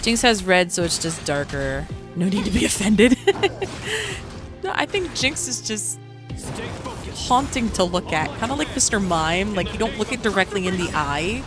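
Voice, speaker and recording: During a casual gaming livestream, a woman streaming as a virtual singer and gacha player chats playfully with her viewers, humming and laughing as she plays. Her mid-range voice is expressive and moves at a normal speed, over background music.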